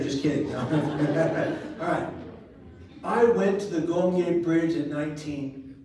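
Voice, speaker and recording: A man giving a live motivational speech to a crowd, telling a personal story with earnest pauses and quick jokes, his voice rising high and loud at dramatic moments. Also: slight background noise. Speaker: public speaker. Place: large event room. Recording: echoey live room recorded from far off.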